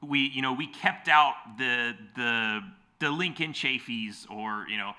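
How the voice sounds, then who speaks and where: A man hosting a casual podcast conversation, relaxed and swearing casually. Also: mid-range voice, measured pace. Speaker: podcast host.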